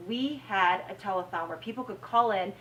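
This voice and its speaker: An American woman, a TV news anchor, giving an animated talk to students and acting out her own reactions. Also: medium pitch, normal speed, lo-fi sound. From United States. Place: university lecture room. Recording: slightly distant mic, faint room noise.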